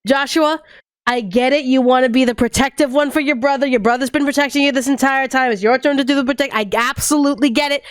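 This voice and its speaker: Animated, foul-mouthed woman streamer. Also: sits high, quick pace, clean tone, no room sound, clean studio sound. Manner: animated, profane, argues with the characters. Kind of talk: casual gameplay commentary.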